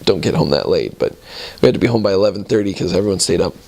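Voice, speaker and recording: A man, a returned missionary, telling casual stories about his mission in a relaxed, rambling way with frequent chuckles. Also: sits low, racing, creaky.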